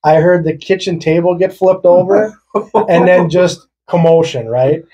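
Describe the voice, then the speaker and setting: Man, husky, mellow, casual swearing storyteller. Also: high-pitched, measured pace, highs cut off. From rural Wisconsin. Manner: loose, profane, laughing through his story. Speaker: podcast co-host. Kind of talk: casual storytelling among friends.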